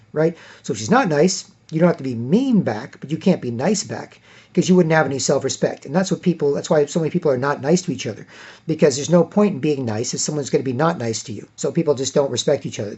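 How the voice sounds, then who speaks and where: A man's voice: fairly high pitch, animated, fast talker, a little mellow, slightly rough. A man giving an emphatic, repetitive monologue, acting out quotes as he talks. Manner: emphatic, repeats himself, acts out quotes. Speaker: commentator. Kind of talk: casual monologue.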